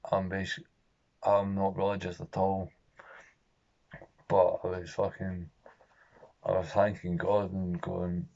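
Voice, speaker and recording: A young man with a very low, gravelly voice that stays flat and monotone as he tells a personal story. He talks in a halting, raw, swear-laden way, heard on a dull, lo-fi recording. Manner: halting, profane, emotionally raw. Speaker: vlogger.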